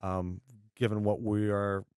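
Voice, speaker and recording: A young man co-hosting a movie podcast, speaking earnestly and haltingly in casual chat. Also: fairly low pitch, little pitch movement, darkish tone, clear, resonant tone, no room sound, clean studio sound. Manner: earnest, halting, restarts sentences. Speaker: podcast co-host.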